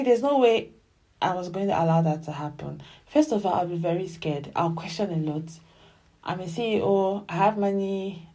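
A woman giving casual, animated commentary as she reviews a television drama. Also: fairly low pitch, husky. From Nigeria. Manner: animated and emphatic, often acts out dialogue.

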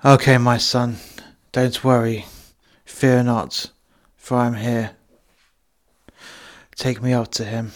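A man playing a middle-aged exorcist priest who speaks slowly and softly, calling others "my son" and "my child", in an amateur comedy horror skit. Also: medium pitch, flat delivery, lightly acted. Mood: reassuring. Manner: slow, hushed, calls others "my son" and "my child".

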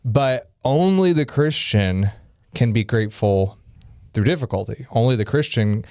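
A man's voice: mid-range voice, lively intonation, measured pace, a little mellow, no echo, studio quality. A man co-hosting a Christian podcast, speaking earnestly and building to preachy emphasis. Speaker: podcast co-host. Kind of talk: casual faith discussion.

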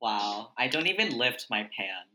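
A woman's voice: extremely low pitch, sing-song, a little slow, pushed and bright, reverberant. A young woman co-hosting a casual group chat, giggly, with wry asides. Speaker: podcast co-host.

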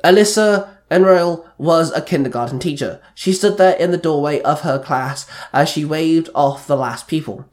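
A man narrates a fan fiction story in a plain, even way. His voice sits a little high. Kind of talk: reading fan fiction aloud.

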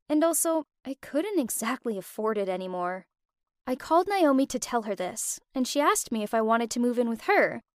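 A woman's voice: fairly high pitch, dry recording, clean studio sound. A young woman narrating a dramatic first-person story in a confiding way.

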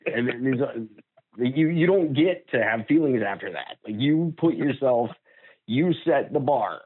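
Blunt, sweary podcast co-host on a tinny line. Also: male voice, mid-range voice, animated, unhurried, breathy edge, dry recording. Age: older. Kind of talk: casual chat.

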